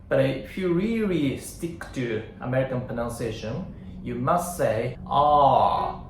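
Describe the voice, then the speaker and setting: A man with a Japanese accent teaching English pronunciation in a casual way, hesitating often with fillers and sounding out example words. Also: medium pitch. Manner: demonstrates sounds aloud. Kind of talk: casual instructional talk. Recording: roomy echo with faint guitar.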